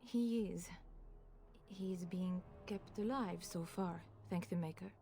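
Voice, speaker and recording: A woman's voice: fairly low pitch, slow pace, dark tone, a little hiss or hum. An actress playing a frightened noblewoman and mother in a video game, speaking in an anxious, hesitant, pleading way. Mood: fearful.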